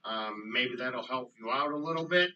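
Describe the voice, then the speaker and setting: A man co-hosting a casual podcast chat, choking up and pausing often with ums. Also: medium pitch, bright, forceful tone, distant mic, highs cut off, a little hiss or hum. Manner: choked up, halting with many ums. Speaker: podcast co-host.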